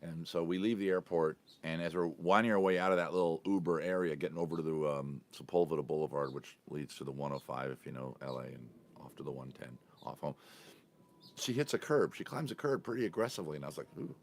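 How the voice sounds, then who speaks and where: A man's voice: very deep voice, fast, slight background noise. A man hosting his own podcast, telling a casual story in a chatty, rambling way and often correcting himself mid-sentence. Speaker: podcast host.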